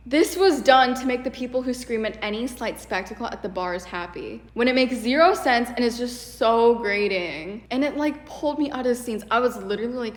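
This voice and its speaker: A woman giving a ranting video commentary, exasperated and sarcastic. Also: a little high. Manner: exasperated, sarcastic, many "like" fillers. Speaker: video essayist. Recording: echoey room with long reverb.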